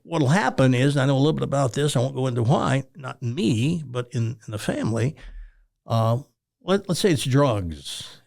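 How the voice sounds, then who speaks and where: A man's voice: mid-range voice, normal speed, vocal fry. An older man from Tennessee with a Southern accent, a former radio talk host telling folksy stories as an interview guest. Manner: folksy, animated storyteller. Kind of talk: storytelling interview.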